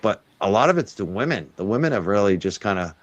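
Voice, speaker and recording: Male stream guest, low voice, matter-of-fact, taunting. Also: very animated, fast, dry recording, lo-fi sound. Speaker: guest commentator. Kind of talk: casual stream talk.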